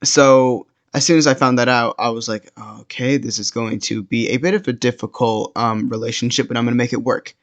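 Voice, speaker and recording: A man's voice: mid-range voice, fairly even intonation, brisk, few pauses, dull audio. A teenage boy telling a personal story in a casual, rambling way, full of fillers and restarts. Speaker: storytime vlogger.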